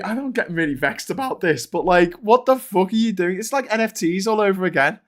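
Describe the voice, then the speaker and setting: A male host giving casual live-stream commentary, ranting in exasperation and swearing a lot, swinging between loud high outbursts and low mutters. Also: lively intonation, fairly quick, few pauses.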